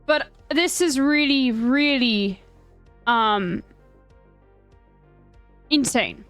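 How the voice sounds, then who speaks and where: A South African woman streamer reading an article aloud in casual chat, breaking off with wry, swearing asides and halting restarts. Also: sits high, a bit bright, smooth, dry recording, faint music behind.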